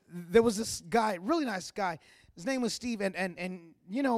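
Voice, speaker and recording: Male pastor, high-pitched, passionate sermon delivery with stammered repeats; dry, close recording. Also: creaky, no room sound. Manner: passionate preaching with loud emphatic peaks and stammered repeats.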